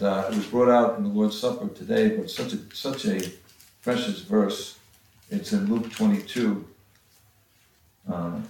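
A man giving a halting Bible-teaching sermon, with frequent restarts and pauses. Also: fairly low pitch, darkish tone. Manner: halting, many restarts and fillers. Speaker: preacher. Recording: far from the mic in a very echoey room.

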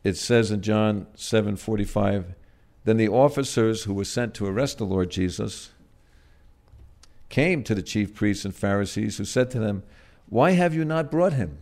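Soft-spoken preacher with a low voice. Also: male voice. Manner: gentle, halting, with frequent "uh" and restarts; swells loud on key words, then drops soft. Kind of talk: sermon.

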